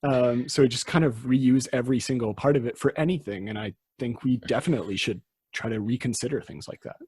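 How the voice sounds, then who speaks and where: A man with a slightly husky, mid-pitched voice talks through history on a podcast. His delivery is chatty and explanatory, and his sentences often trail off and restart. The sound is dry and close to the mic. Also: fairly quick, darkish tone, dry recording. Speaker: podcast host. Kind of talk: casual history podcast chat.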